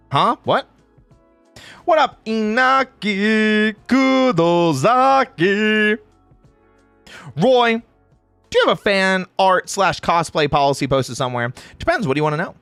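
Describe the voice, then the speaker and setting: A man's voice: sits high, slow, long pauses, a bit bright, clean tone, no echo, faint music behind. A young man hosting a livestream, joking and greeting his chat by name in a playful, casual way. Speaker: streamer host.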